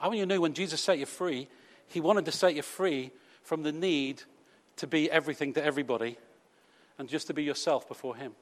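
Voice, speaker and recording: Speaking fairly quickly in a highish voice, this British man delivers a sermon to his congregation. He teases them conversationally and keeps firing rhetorical questions. A church hall's long reverb carries through the audio.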